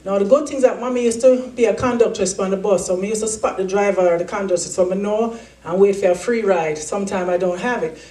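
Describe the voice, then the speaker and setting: A woman, giving a motivational keynote speech and telling her story in an animated way. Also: mid-range voice, fast talker, hardly any pauses. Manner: animated storytelling, acts out quotes. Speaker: keynote speaker. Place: large event hall. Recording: echoey hall, voice from far off.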